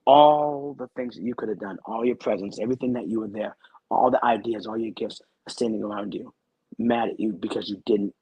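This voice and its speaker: Talk-show guest, male, deep and raspy, dry close sound, intense storyteller who repeats himself. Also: a little mellow, dry recording, poor audio. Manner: rambling, repeats phrases, earnest and intense. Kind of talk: telling a personal story in a talk-show interview.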